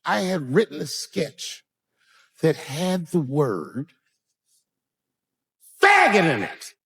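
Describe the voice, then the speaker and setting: A stand-up comedian telling profane stories on stage, his voice leaping from low mutters to high, loud bursts. The sound is dry and close, and his voice sits a bit high for a man. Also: sing-song, takes it slowly, vocal fry, husky, no echo, low-quality recording. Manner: profane storytelling with wide swings in pitch and loudness.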